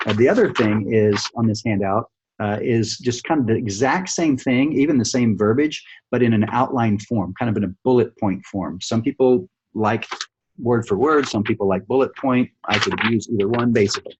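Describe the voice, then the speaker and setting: A man's voice: medium pitch, normal speed, darkish tone, highs cut off, slight background noise. A man running a sales training over a shared screen, coaching in a casual way that keeps checking in with "right?" and "okay?". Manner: coaching, repeats "right?" and "okay?", thinks aloud with fillers.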